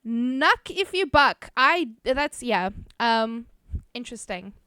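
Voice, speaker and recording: High, bright-voiced woman streamer. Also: big pitch swings, takes it slowly, clean tone, no room sound, studio quality. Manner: chatty, laughs often, reads chat names aloud, swears casually. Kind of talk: casual live-stream chat.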